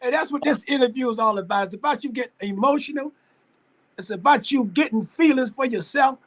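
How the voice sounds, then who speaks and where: A man's voice: very high voice, a little fast. A man hosting a live stream interview over a video call, encouraging his guest and calling him brother. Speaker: interview host.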